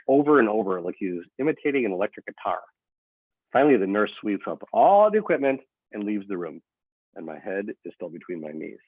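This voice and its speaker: A man reading a first-person novel aloud in an expressive storytelling manner, over a lo-fi phone-like line. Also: on the low side, fairly quick, dry recording. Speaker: author reading his own novel.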